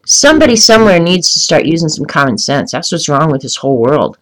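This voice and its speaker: A woman's voice: low-pitched, very animated, quick pace, low-quality recording. A woman hosting a casual live stream while coloring, chatting and ranting, answering viewers by name. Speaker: livestream host coloring art.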